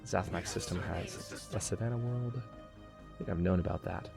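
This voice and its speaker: A man's voice: sits low, moderate pace, creaky, over music. A man hosting a gameplay video, commenting as he plays and growing exasperated, talking to himself. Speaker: let's play host.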